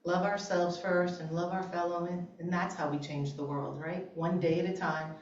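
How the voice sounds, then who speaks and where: A woman giving an animated, conversational inspirational talk to a congregation, laughing often. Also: fairly low pitch, moderate pace. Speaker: guest speaker at a church service. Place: church sanctuary. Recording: very echoey, distant, dull church recording.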